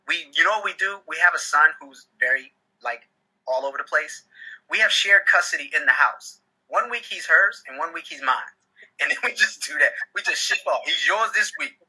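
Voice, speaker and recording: A man in his forties performing a stand-up comedy set, telling animated stories and acting out dialogue loudly. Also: fairly high pitch. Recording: phone-like audio.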